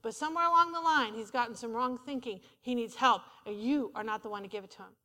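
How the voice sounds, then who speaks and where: A woman's voice: on the high side, quick pace, pushed and bright. A woman preaching a sermon in a conversational, humorous way, calling out to the congregation for responses. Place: church sanctuary. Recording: reverberant hall.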